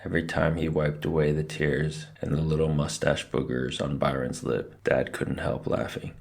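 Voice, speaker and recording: Very deep, gravelly man reading aloud. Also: moderate pace. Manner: expressive, lively. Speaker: narrator. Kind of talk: storybook read-aloud.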